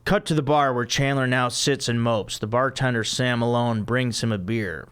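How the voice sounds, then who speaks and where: A male podcast host reads out stage directions in a flat, deadpan way. His voice is smooth and clear, sitting at an ordinary middle pitch. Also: moderate pace. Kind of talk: reading a comic script aloud.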